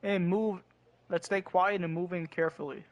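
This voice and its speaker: A man's voice: high voice, steady tone, normal speed, a little hiss or hum. A young man streaming a video game, talking in a laid-back, slangy way with frequent restarts. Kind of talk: casual gaming commentary. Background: game audio and music.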